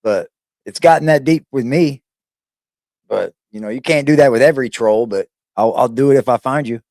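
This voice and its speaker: A man's voice: mid-range voice, normal speed, a little mellow, no room sound, clean studio sound. A man giving loose, profane, rambling reaction commentary on a stream, full of slang.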